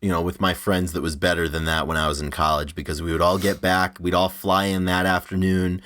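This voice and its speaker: A man's voice: low voice, level tone, a little fast, a bit bright. A young man in his twenties, co-hosting a podcast, telling rambling stories with many restarts and frequent laughs. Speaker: podcast co-host. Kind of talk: casual podcast chat.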